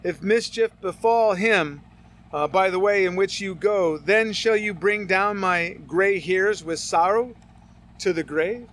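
A man's voice: high voice, measured pace, a bit bright. A man preaching a Bible study, reading scripture aloud and breaking off into casual asides to his listeners.

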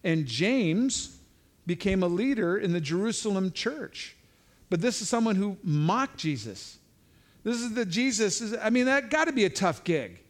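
A man's voice: sits high, lively intonation, a little slow. A man giving an informal verse-by-verse Bible teaching, talking conversationally with frequent asides and restarts.

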